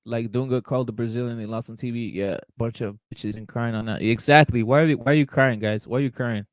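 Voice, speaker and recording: A young man hosting a relaxed fight talk stream, his voice mid-pitched and close on a dry mic. He is blunt and profane, circles back to the same phrases and keeps calling the audience brother while he answers live chat. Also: fast, no room sound, low-quality recording. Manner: blunt, profane, repeats himself, calls viewers brother; reacts to live chat comments. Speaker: boxing talk show host. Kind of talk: casual livestream chat.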